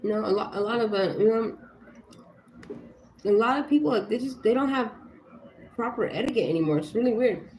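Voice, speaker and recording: On her livestream, a woman with little kids vents in casual talk, blunt and heated, full of swearing and fillers such as "you know" and "like." Her voice is on the high side, animated and a bit quick, slightly mellow, with frequent pauses. Faint ambient noise drifts through an echoey room.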